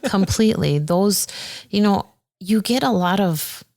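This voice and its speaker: A woman who is a circuit judge, talking earnestly and warmly as a podcast guest, getting animated when she quotes people. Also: mid-range voice, slow. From Aurora, Illinois. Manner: earnest and heartfelt, animated when quoting others. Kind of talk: casual interview conversation.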